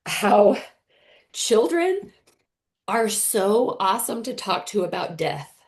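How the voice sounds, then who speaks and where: A woman in her thirties, a podcast guest telling an emotional personal story in an earnest, animated way. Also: medium pitch, slow pace. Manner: earnest, animated, often voices others in quotes.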